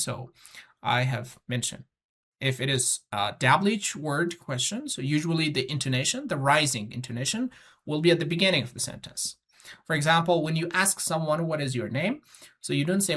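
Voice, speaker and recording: A teacher patiently explaining a test-prep lesson, often pausing on fillers and checking in with the students. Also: mid-range voice, fairly bright tone. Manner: patient, repetitive, frequent "uh" fillers and "okay?" checks; instructive, gives spoken examples.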